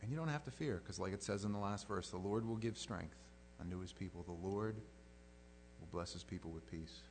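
A man preaching a sermon as pastor, conversational and animated, swinging between loud outbursts and quiet prayer. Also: low voice, a little fast, slight background noise.

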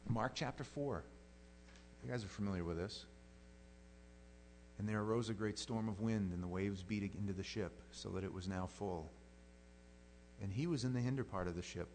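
A man preaching a sermon as pastor, conversational and animated, swinging between loud outbursts and quiet prayer. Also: on the low side, normal speed, pauses often, slight background noise.

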